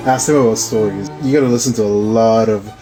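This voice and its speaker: A man's voice: fairly low pitch, quick pace, over music, poor audio. A man giving laid-back video commentary, chuckling now and then.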